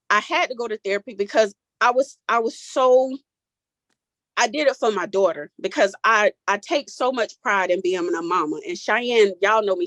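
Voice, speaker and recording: In a group talk, this guest gives personal testimony: a woman in her forties, candid and emotional, her casual speech tinged with Southern inflection. Her mid-range voice is a bit bright and breaks as she fights back tears. There's no echo on the audio.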